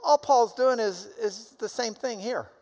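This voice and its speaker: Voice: mid-range voice, measured pace, vocal fry, darkish tone. A Bible teacher giving a conversational classroom lesson, explaining terms with friendly asides.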